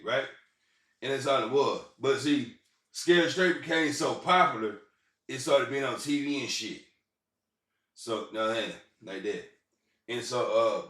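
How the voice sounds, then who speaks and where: A man's voice: medium pitch, fairly bright tone. A man telling rambling personal stories in a casual, profane way, often stumbling and restarting his sentences. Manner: halting, repetitive restarts and profanity. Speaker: vlogger. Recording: roomy sound, far from the mic.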